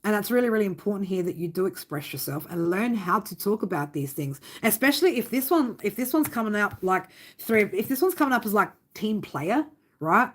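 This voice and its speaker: A woman doing a live tarot reading for viewers. She talks bluntly and warmly, swearing often and tagging lines with "right?". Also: medium pitch, big pitch swings, brisk. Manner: blunt, swearing, fond tough-love talk with many "right?" tags. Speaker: tarot reader.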